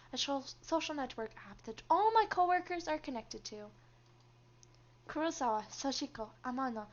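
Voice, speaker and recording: High-voiced woman streaming a game. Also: highs cut off. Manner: chatty, reads story lines aloud, laughs often. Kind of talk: game stream, reading story text aloud and chatting.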